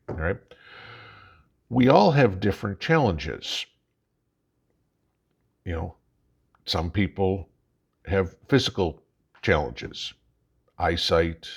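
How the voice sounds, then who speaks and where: An older man from Chicago, with a Chicago accent and a low, slightly rough voice, hosts a prepping channel. He talks casually to the camera in a folksy, chatty monologue and keeps checking in with the viewer.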